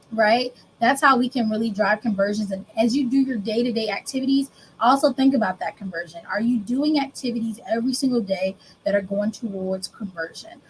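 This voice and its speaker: This is a woman presenting a business workshop, her voice sitting slightly higher than most. She keeps it conversational and animated. She often drops into playful acted-out exchanges with her clients. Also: slight background noise, poor audio. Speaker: business coach and speaker.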